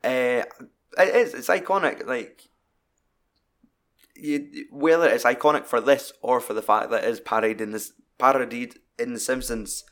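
An animated man talks through a film in loose, casual chat and swears constantly. His voice sits at an ordinary mid pitch, and he tumbles through the plot with restarts and asides. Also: moderate pace. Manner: sweary, rambling, animated retelling.

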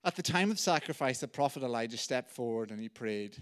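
A man preaching a sermon, retelling a story with lively jokey asides. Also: medium pitch, fairly quick, smooth.

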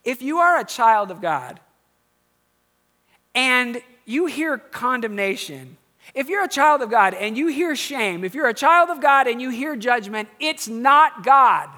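Bright, high-voiced man preaching conversationally. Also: expressive, a little slow. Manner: conversational preaching, dropping to quiet asides and rising to emphatic questions. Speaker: pastor. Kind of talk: sermon.

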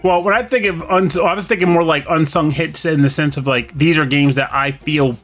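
A man co-hosting a podcast in casual chat, animated and joking. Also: on the high side, fairly quick, faint music behind. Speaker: podcast co-host.

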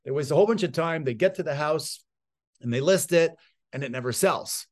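A man's voice: a little high, a little fast. A middle-aged man in a conversational interview, giving real estate sales advice and acting out the voices of people he quotes. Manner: animated storyteller, acts out quoted voices. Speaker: real estate guest expert.

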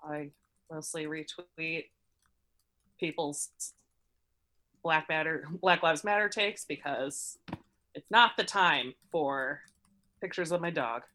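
Female guest, jokey chimer, lower voice. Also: bright, forceful tone. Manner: quick jokey interjections. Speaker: podcast guest. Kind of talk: casual podcast chat.

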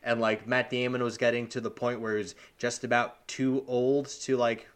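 A man's voice: medium pitch, flat delivery, clear, resonant tone. A man co-hosting a podcast, chatting casually and filling his talk with "like". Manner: talks fast with lots of "like" fillers. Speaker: podcast co-host. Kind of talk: casual chat.

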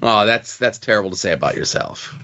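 A man's voice: fairly low pitch, brisk, bright, forceful tone, dull audio. A man co-hosting a comics podcast in casual chat, rambling with lots of fillers. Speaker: podcast co-host.

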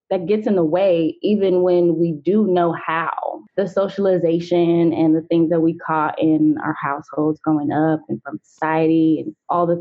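Thoughtful woman coach on a tinny line. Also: on the low side. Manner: thoughtful, measured, laughs easily. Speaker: guest, emotional wellness coach. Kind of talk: podcast interview conversation. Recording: phone-like lo-fi sound.

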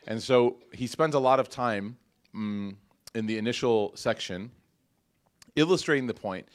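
A man's voice: mid-range voice, measured pace. A man giving a casual religious lecture to a live audience in a mosque hall, talking conversationally with many fillers and restarts. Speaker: Islamic lecturer.

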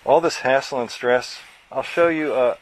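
A man's voice: medium pitch, moderate pace, close to an everyday voice, low-quality recording. A man doing a weary, pompous father bird. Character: tall tired male alien bird father.

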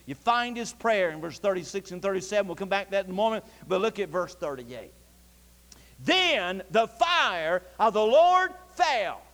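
A male preacher delivering a sermon in a folksy, animated storytelling manner with Southern dialect. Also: high-pitched. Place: church sanctuary. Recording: long church reverb.

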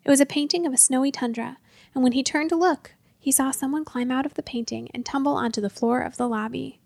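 A woman narrating a storybook in a lively, expressive way. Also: high voice, quick pace, gravelly, no room sound.

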